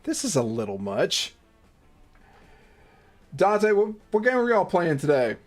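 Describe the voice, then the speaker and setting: A man's voice: high-pitched, wildly swooping pitch, a little slow, soft background music. A man hosting a gaming livestream, reading game text aloud between profane, self-mocking banter and exasperated outbursts.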